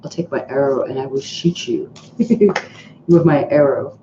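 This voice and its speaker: A woman's voice: very deep voice, unhurried, lo-fi sound, noisy background. A woman voicing a defiant woman archer who dares a challenger in a taunting way.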